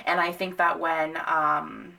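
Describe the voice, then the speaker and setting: A young woman talks through a tarot reading in a loose, conversational way, full of ums and restarts. Her voice is bright and clear, and she gets blunt and sweary when something bothers her. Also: low-pitched, level tone, slow. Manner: chatty, many fillers, blunt and swearing when annoyed. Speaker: tarot reader. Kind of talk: casual tarot reading to camera.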